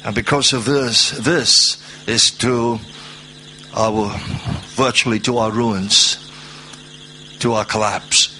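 Man, preacher, sermon, bright voice, slow scripture reading, soaring drawn-out lines, faint ambience. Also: fairly even intonation, a little hiss or hum. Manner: rises to high, drawn-out proclaiming.

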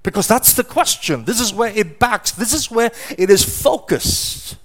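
Preaching a sermon with earnest emphasis, a middle-aged pastor uses rhetorical questions and repetition to press every point. His voice is notably high and fairly bright, expressive and a little slow.

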